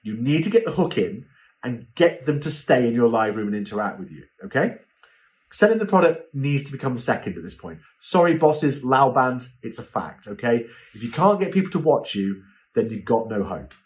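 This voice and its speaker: A man's voice: medium pitch, big pitch swings, normal speed. A man giving a chatty, informal lesson on livestream selling, often checking in with "okay?". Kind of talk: informal instructional talk.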